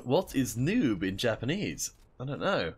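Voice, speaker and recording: A man's voice: medium pitch, very animated, measured pace, breathy edge. A young man casting a mobile shooter tournament alone, chatting with viewers in between plays. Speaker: esports caster. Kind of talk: solo esports commentary reading chat.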